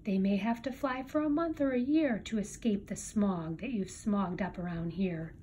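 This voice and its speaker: A woman's voice: mid-range voice, normal speed, dark tone, a little hiss or hum, lightly acted. A woman reading a picture book aloud and voicing a small grumpy male creature who guards the trees, in a scolding, pleading manner. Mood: mournful. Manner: scolding, pleading storybook delivery.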